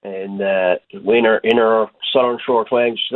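Male coach, halting, low-ish voice, tinny phone line. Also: steady tone. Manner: halting, repeats words, many fillers. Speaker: hockey coach. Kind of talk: phone interview.

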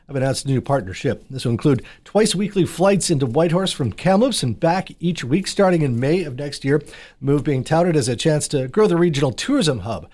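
A man anchoring a local radio newscast from Canada, in a brisk, measured news delivery. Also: medium pitch, darkish tone.

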